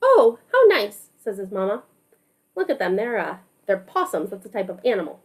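A woman music teacher reading a picture book aloud to children over a video call, animated and encouraging, asking them questions. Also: mid-range voice, a little fast, slightly rough.

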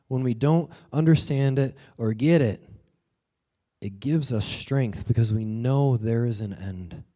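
A young adult man, a pastor, giving a sermon, telling a story with lively acted-out quotes. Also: medium pitch.

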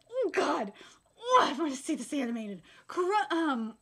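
A very high-pitched woman reacts live to a comic chapter, squealing and gasping with excitement and swearing freely. Her voice leaps around in pitch and has a bright, sharp edge. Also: a little slow. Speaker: streamer reacting to a manga chapter. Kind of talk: live reaction, reading aloud.

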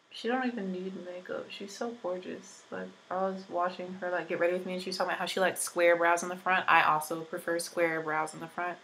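Twenties female vlogger, lowish pitch, casual filler-heavy tutorial chat, just getting over an illness. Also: a bit bright, slight background noise, rough recording. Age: 20s. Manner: chatty, rambling, many "like" fillers. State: recovering from illness. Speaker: beauty vlogger.

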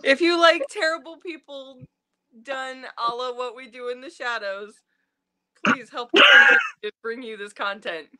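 Give me a bright, bubbly woman podcaster who laughs a lot and sounds very animated. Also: high voice, normal speed, no echo. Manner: giggly and animated. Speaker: podcast co-host. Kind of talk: casual chat.

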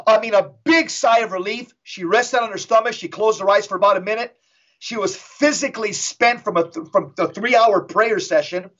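A middle-aged man, a guest on an interview show, telling a dramatic story in an intense, emphatic way and slowing down for effect. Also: high-pitched, fairly bright tone. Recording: dull lo-fi audio.

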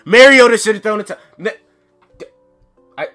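Male gamer commentator, bright and high voice, swings from mutters to sung shouts, faint music behind. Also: animated, normal speed. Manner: yells and chants, sings cheers, flustered self-talk. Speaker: gaming commentator. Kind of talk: excitable live gameplay commentary.

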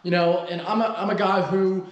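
A man's voice: sits high, little pitch movement, moderate pace, roomy sound, highs cut off. A man in his twenties, a car vlogger in casual vlog talk, loose and joking, who swears freely. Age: 20s.

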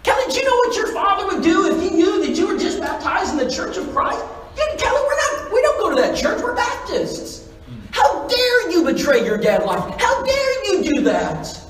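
A man voicing an angry middle-aged mother, pitched up shrill and indignant, in a big echoey church from a distance. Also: sing-song, normal speed, a bit bright, full character voice. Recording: echoey church hall from far off.

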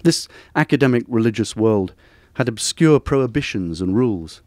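A man, reading aloud from a personal essay at a bookstore event in a measured, wry, literary way. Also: medium pitch, animated, darkish tone, dry recording. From Durham, northern England. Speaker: author reading from his book.

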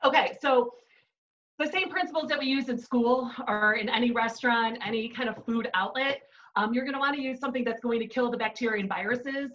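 A woman's voice: fairly high pitch, fairly quick, fairly bright tone, distant mic, highs cut off, a little hiss or hum. Chatty Chicago chef in her kitchen. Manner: chatty, explains as she cooks, frequent "right?" and "um". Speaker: chef instructor. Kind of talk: cooking demonstration. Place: home kitchen.

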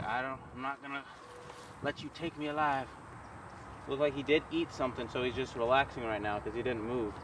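A man's voice: medium pitch, noisy background. A young man vlogging casually while walking through an outdoor park, joking and ranting in mock exasperation.

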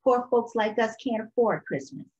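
A bitter young boy snaps and shouts in sarcastic bursts, as a woman puts him on. The voice is loud and cutting. The recording is muffled and lo-fi. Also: a little high, moderate pace, natural voice.

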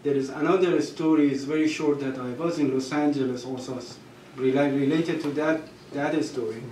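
A man with a Persian accent and Persian as his first language, telling personal stories at a gathering, halting and restarting, with soft laughs. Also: mid-range voice, fairly even intonation, slight background noise. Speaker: storyteller at a gathering. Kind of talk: personal storytelling. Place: gathering room. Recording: echoey room, mic far off.

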